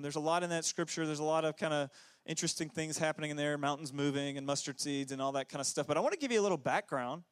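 A man preaching a relaxed, conversational sermon on a church stage. His voice sits a little high for a man, and he talks in loose, rambling asides with plenty of fillers. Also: clean tone. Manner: conversational, many fillers, jumps into high put-on voices for quotes. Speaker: pastor. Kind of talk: casual sermon.

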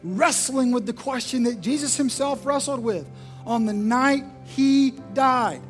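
A man's voice: very high-pitched, unhurried, soft background music. A male pastor preaching a sermon in an emphatic, repetitive, rhetorical style.

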